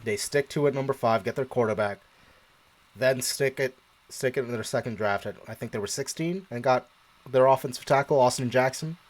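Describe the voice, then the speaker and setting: Speaking a little fast at medium pitch, this sports show co-host chats casually on a live stream. While telling a story he reenacts his own past reactions, laughing frequently along the way.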